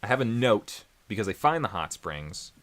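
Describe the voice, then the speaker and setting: A man with a lowish, fairly bright voice speaks in a sing-song way at a moderate pace. Co-hosting a casual anime review podcast, he rambles with lots of fillers, laughs often, and mimics characters in silly voices.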